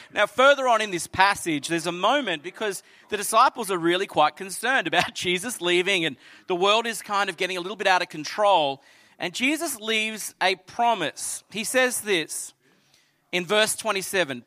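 A young Australian pastor delivers a sermon, his voice sitting high and sounding bright and forward. He reads scripture and tells stories in an animated way, acting out the voices he quotes. The sound is close and dry, with little room. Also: moderate pace, dry recording. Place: church.

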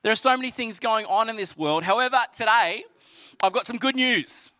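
A young Australian man preaching a sermon in church, reading scripture and telling lively stories with acted-out voices. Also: sits high, brisk, no echo. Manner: animated storytelling, acts out quoted voices. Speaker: pastor.

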